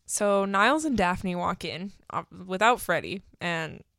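A woman co-hosting a podcast, casually recapping a sitcom episode, animated and quick to laugh. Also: lowish voice, dry recording, studio quality. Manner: animated, laughs often, acts out character quotes. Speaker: podcast co-host.

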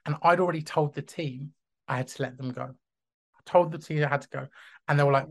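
A man hosting a podcast, telling a story in a casual, animated way, often restarting his sentences and acting out dialogue. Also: on the high side, normal speed, vocal fry, pauses often. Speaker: podcast host.

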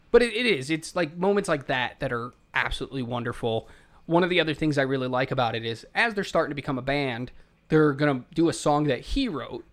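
A man co-hosting a casual movie podcast, recapping scenes and quoting the characters in quick bursts. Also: mid-range voice, fairly bright tone. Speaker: podcast co-host.

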